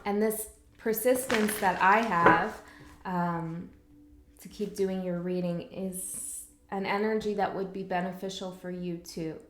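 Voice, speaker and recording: A woman's voice: fairly low pitch, steady tone, measured pace, a bit bright, roomy sound, slight background noise. A woman giving a tarot reading in a rambling, reflective way, full of fillers and restarts. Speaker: tarot reader. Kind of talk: casual spiritual monologue.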